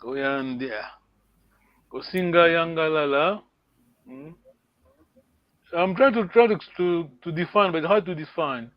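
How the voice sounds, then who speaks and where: A man's voice: fairly high pitch, measured pace, pauses often, dry recording, highs cut off. A man teaching an online language lesson, patient and repetitive, often checking that his students follow. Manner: patient, repeats words, asks "yeah?" to check understanding.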